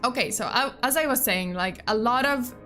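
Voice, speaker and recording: Higher-voiced woman streamer, chatty true-crime host, laughs at herself easily. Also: moderate pace, sharp tone. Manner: chatty, laughing, self-mocking, swears casually. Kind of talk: casual true-crime livestream storytelling. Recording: faint music behind.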